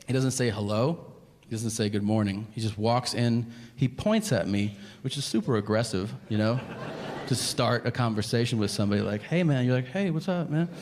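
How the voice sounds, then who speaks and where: A man performing stand-up comedy, telling stories in a profane, animated way and acting out both sides of each exchange. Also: moderate pace. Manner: animated, profane, acts out both sides of dialogues, voice jumping high for disbelief. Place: comedy stage before a laughing audience. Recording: live stage mic with audible noise.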